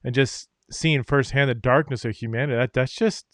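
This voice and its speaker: A man hosts a conversational podcast and reflects on what his guest has said, musing aloud as he goes. His voice sits at a middling pitch, and the sound is dry with no room echo. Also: fairly quick. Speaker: podcast host. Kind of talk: conversational interview.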